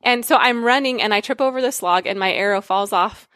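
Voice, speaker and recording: A woman's voice: on the high side, brisk, fairly bright tone, no room sound, clean studio sound. A woman telling a story in casual conversation, acting out quotes and laughing often. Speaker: guest.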